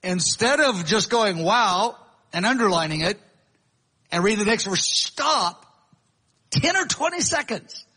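A man's voice: high voice, very animated, measured pace, bright, forceful tone, breathy edge, rough recording. A man preaching a sermon in a conversational way, with restarts and acted-out quotes. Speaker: pastor. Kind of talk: sermon teaching.

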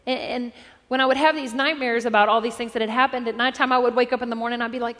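High-pitched lady pastor preaching a personal sermon, long echo in the hall. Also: steady tone, rapid-fire, fairly bright tone. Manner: personal testimony building to impassioned preaching.

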